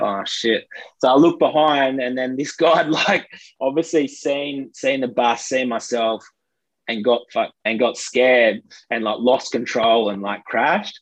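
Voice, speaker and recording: A man's voice: medium pitch, no room sound, poor audio. A young Australian man telling a rambling anecdote in casual chat, full of fillers. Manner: rambling, filler-heavy, laughs between lines. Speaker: storyteller.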